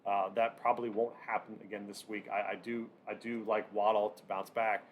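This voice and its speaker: A man hosting a casual sports picks breakdown, talking in halting bursts with lots of fillers and restarts. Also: lowish voice, little pitch movement, slight background noise. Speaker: sports betting channel host.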